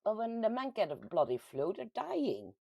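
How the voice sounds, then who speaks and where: A woman from the Netherlands with a Dutch accent hosts a casual livestream, reading out viewer comments in a chatty, giggly way with sudden lively jumps in pitch. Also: fairly quick, dry recording. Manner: chatty and giggly, with frequent laughs and ums. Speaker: host of a paranormal community livestream.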